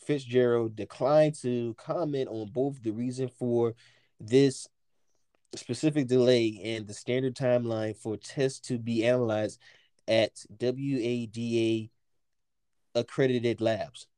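A man co-hosting a casual podcast, reading a news article aloud in a halting way full of filler words. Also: medium pitch, steady tone, dark tone, clear, resonant tone, dry recording.

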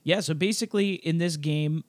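A man co-hosting a casual podcast chat while a little sick, clearing his throat, explaining things wryly with lots of fillers. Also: a little high, measured pace, no echo. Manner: chatty, wry, explains game at length with many fillers. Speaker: podcast co-host.

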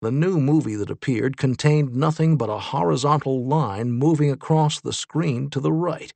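A man narrating a children's adventure story in a steady, vivid storytelling manner. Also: medium pitch, moderate pace, vocal fry, no echo.

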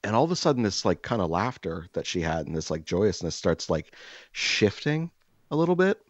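Deep-voiced man telling a story. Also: moderate pace, dry recording. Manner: animated, profane, acts out dialogue. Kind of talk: personal storytelling monologue. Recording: dull, dry lo-fi sound.

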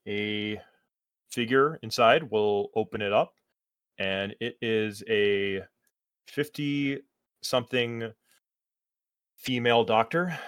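Brief: game master, man, relaxed halting narration, middle pitch, dry sound. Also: clean tone, no echo.

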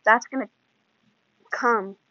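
A woman's voice: fairly high pitch, steady tone, slow, sharp tone, no echo. A woman hosting a podcast, giving an earnest, emotional devotional talk in a preaching manner. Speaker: podcast host. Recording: dull lo-fi dry sound.

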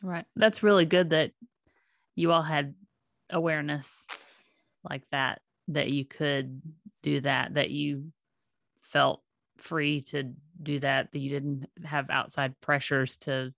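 A woman hosting a casual conversation, speaking in a thoughtful, halting way. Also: sits low, flat delivery, vocal fry, a bit bright, no room sound, clean studio sound.

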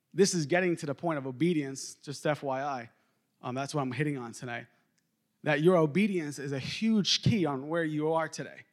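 A male pastor with a high voice preaches a sermon in an animated, conversational way. He often calls out to the congregation and chuckles between points.

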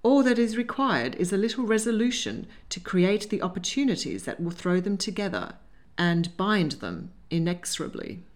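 A woman voicing a brisk, scheming elderly grandmother who speaks bluntly and decisively. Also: medium pitch, very animated, close to an everyday voice. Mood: conspiring.

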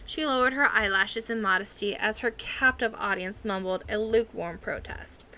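Woman reading a book out loud, bright voice, steady and measured. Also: mid-range voice. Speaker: audiobook reader. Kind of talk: reading a novel aloud.

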